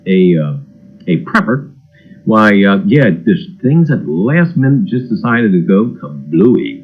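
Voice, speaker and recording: Greeting viewers by name and leaning on his catchphrases, this livestream host keeps things folksy and full of jokes in casual chat. His voice sits mid-range, and the recording quality is rough.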